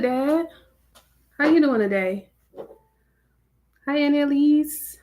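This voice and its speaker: A woman's voice: medium pitch, fairly even intonation, unhurried. A woman hosting a live stream, greeting her viewers by name in a casual, chatty way. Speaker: livestream host.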